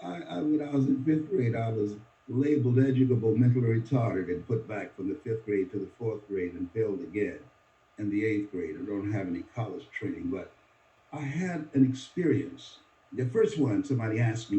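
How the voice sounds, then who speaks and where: A man's voice: mid-range voice, lively intonation, moderate pace, warm tone. A man in his seventies from Miami, giving a motivational speech as dramatic storytelling. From Miami, USA. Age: 70s. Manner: dramatic storytelling with sweeping voice changes. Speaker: motivational speaker. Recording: distant echoey dull lo-fi recording.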